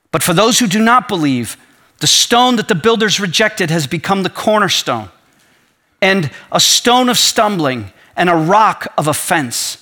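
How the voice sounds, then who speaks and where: A man's voice: high-pitched, sharp tone. A man preaching a sermon as pastor, reading scripture and growing impassioned as he builds his point.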